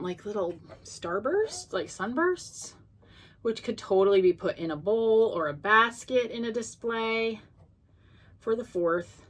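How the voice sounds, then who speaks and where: A woman casually showing off her thrift finds, chatty and gushing, with many ums and restarts. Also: on the high side. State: out of breath. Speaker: thrift vlogger. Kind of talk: casual show-and-tell chat. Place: home.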